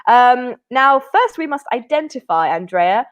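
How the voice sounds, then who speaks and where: A woman's voice: a little high, sing-song, measured pace. A woman teaching an online English lesson, upbeat and encouraging, praising answers often. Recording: dull lo-fi webinar audio.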